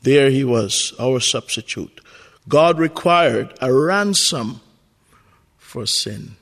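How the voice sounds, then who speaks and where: A male preacher delivering a devotional sermon, solemn and deliberate. He speaks very slowly, and his voice rings out with the long reverb of a large hall. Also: medium pitch, expressive, gravelly, a bit bright.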